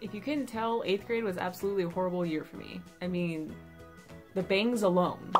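A woman's voice: medium pitch, fairly quick, faint music behind. A young woman YouTuber chatting casually to camera, bubbly and self-mocking.

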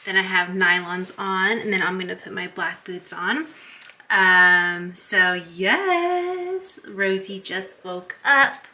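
A young woman doing a relaxed home vlog, talking through her day in a bright, forward voice. She rambles, restarts and fills pauses with "um" and "like," and sometimes drops to a hushed whisper. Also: medium pitch. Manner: chatty, rambling, many fillers; whispers at times while baby naps. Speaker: vlogger. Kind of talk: casual vlog chat.

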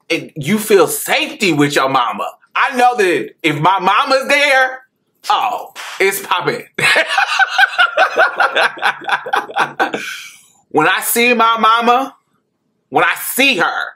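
Woman, podcast host, personal story, slow unhurried delivery, bright voice, laughs a lot, profane. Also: lowish voice. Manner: animated, laughs often, profane, vivid.

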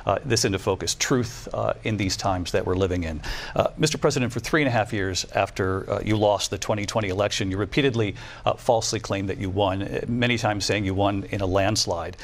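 Measured male debate moderator, lower voice. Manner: measured, halting questioning.

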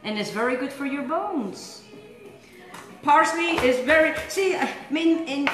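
A woman's voice: high voice, expressive, unhurried, reverberant, over music, rough recording. A woman hosting a home cooking show, talking in a chatty, rambling, enthusiastic way as she demonstrates a recipe. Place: home kitchen.

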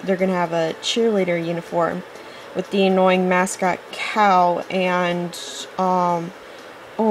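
A woman's voice: on the low side, a little hiss or hum. A woman giving casual, rambling gameplay commentary, chatty, often apologizing and getting impatient with the game. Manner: apologetic asides. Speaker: let's-play host.

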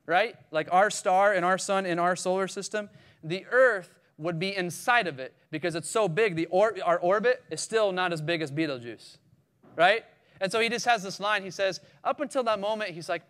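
Caribbean male preacher, smooth and fairly high voice, lively storyteller who bursts into loud cries. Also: normal speed. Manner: animated storytelling, acts out the scripture scenes with sudden loud cries. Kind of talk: sermon.

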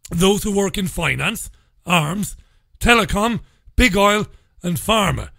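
A male radio host chats on his own and reads listener comments in a blunt, sardonic way. His voice sits high and sounds bright and forward. The studio sound is dry and close. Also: animated, unhurried, gravelly, dry recording. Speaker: radio talk show host. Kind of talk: casual solo radio chat reading listener comments.

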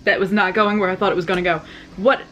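A young woman hosting a reaction video, excitable and swearing, with quick exclamations. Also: mid-range voice, highs cut off, slight background noise. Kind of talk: casual reaction commentary. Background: music playing.

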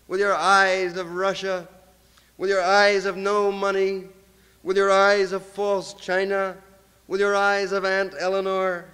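A man's voice: high-pitched, pushed and bright, clean tone. Man chanting a poem, incantatory. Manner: incantatory, chanting long repeated lines. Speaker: poet. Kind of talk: poetry reading. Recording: long hall reverb.

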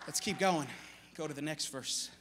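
A male pastor preaching a dramatic sermon, moving between hushed lines and loud ones. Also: on the high side, normal speed, big-room sound, crowd noise, background noise. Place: church sanctuary.

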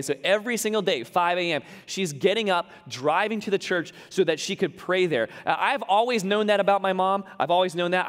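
A man's voice: high voice, fairly bright tone, in a large hall. A man preaching a sermon as pastor, talking conversationally and adding humorous asides. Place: large church hall.

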